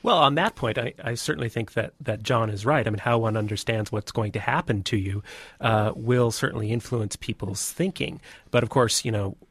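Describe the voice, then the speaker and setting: A man who is a philosophy professor, a guest on a radio show, explaining in a measured way with frequent fillers. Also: on the low side, a bit bright, breathy edge, dry recording. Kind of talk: radio interview.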